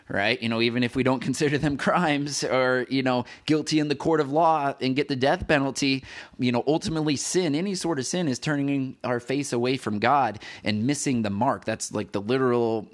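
Guy rambling through a faith podcast, talks right at you, average pitch, lots of um and you know. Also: normal speed. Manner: rambling, many fillers and restarts, addresses listener as "you". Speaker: podcast host. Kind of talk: casual devotional podcast talk.

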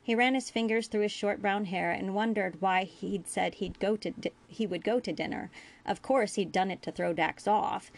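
A woman reading fan fiction aloud as a storyteller, with a steady pace and small slips. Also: medium pitch, moderate pace, vocal fry. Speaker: audiobook reader.

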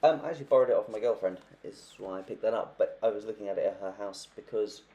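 A man's voice: lowish voice, fast talker, warm tone, highs cut off. A young man co-hosting a casual book podcast, chatty and acting out characters as he tells their stories. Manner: chatty, acts out quoted characters. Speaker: podcast co-host.

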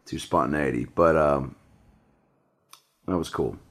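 A man's voice: very deep voice, a little slow. A man hosting a podcast, chatting casually and telling stories with frequent laughter. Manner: laughing, animated storyteller. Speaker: podcast host. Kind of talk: casual chat.

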